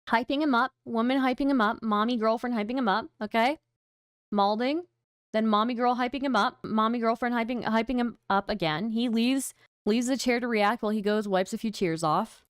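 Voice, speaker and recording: A woman's voice: fairly high pitch, no room sound, clean studio sound. Streamer woman, casual reaction commentary, teasing and giggly, clean voice. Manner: excitable, mocking, laughs often, swears casually.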